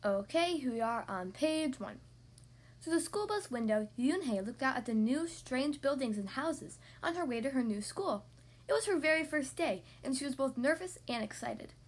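Woman, high voice, gentle, expressive, storybook read-aloud, podcast host. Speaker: podcast host reading children's books.

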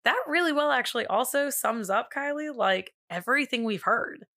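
A woman's voice: fairly high pitch, lively intonation, normal speed, bright, forceful tone, no room sound, clean studio sound. A woman co-hosting a podcast, retelling a spooky story in a loose, chatty way with many fillers. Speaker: podcast co-host. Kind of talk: casual chat and storytelling.

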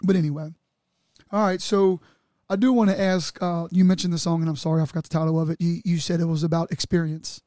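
Chatty middle-aged host with a mellow voice. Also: male voice, fairly high pitch, flat delivery, quick pace, no room sound, clean studio sound. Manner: rambling, chatty, with many fillers. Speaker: podcast host and DJ. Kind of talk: casual interview chat.

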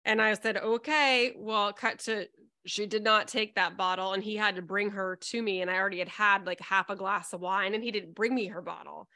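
A woman co-hosting a podcast in casual chat, telling anecdotes and acting out quotes, dropping soft on asides. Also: medium pitch, steady tone, normal speed, no echo, studio quality. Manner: chatty, drops soft on asides, acts out quotes. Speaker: podcast co-host.

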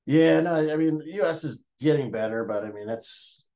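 A man's voice: fairly high pitch, moderate pace, dark tone. A man in casual chat, hesitant and hedging, with frequent ums and restarts.

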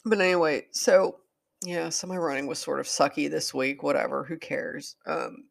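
A woman's voice: low voice, steady tone, normal speed, vocal fry. A woman hosting a solo podcast, talking in a rambling, hesitant and apologetic way, openly emotional. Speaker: podcast host.

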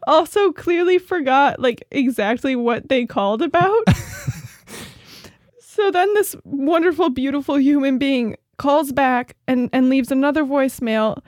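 A woman's voice: high-pitched, measured pace, a little mellow, no echo, studio quality. A woman co-hosting a podcast in casual chat, giggly and playful. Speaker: podcast co-host.

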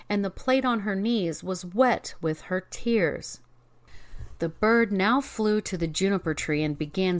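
A woman narrating a fairy tale in a measured, expressive reading. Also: medium pitch, a little hiss or hum. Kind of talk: storybook narration.

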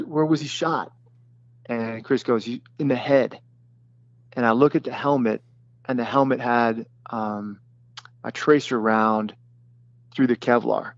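A man who was a detachment commander, recounting a battle in plain, halting speech with many fillers and restarts. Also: mid-range voice, lo-fi sound. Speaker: former special forces detachment commander. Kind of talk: recounting a combat story in an interview.

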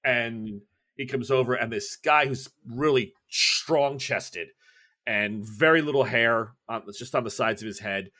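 A man narrating a tabletop role-playing game as game master, casual with quick asides. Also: mid-range voice, sharp tone.

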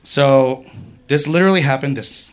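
A young man telling a profane, animated stand-up story full of "like", on a comedy club stage. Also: mid-range voice, moderate pace, a little hiss or hum.

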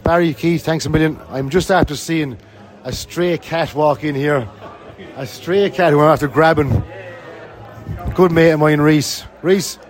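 A man giving a blunt, sweary, frustrated rant as a fan podcast host after a match. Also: fairly high pitch. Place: outdoors and in a bar around the match.

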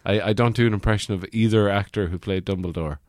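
A man's voice: lowish voice, steady tone, fast, a little mellow. A man co-hosting a podcast, joking and laughing through casual banter. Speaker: podcast co-host.

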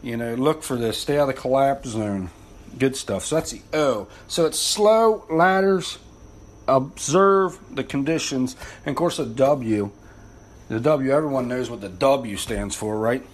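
A man's voice: mid-range voice, animated, normal speed. A man giving an informal talk as a fire service instructor. He is blunt and rambling, and he swears a lot. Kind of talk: informal spoken lesson.

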